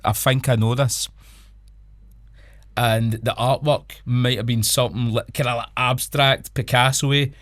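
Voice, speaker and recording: Scottish male co-host, middle-aged, relaxed anecdotal chatter, dry close recording. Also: medium pitch, a little slow, no room sound. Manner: chatty storyteller, laughs often. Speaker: podcast co-host. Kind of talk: casual chat.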